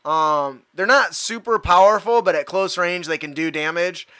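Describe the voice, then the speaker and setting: A man's voice: sits high, moderate pace, pushed and bright, clean tone. A man running a tabletop superhero game as game master, talking hesitantly with many fillers. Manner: hesitant, full of fillers, laughing often.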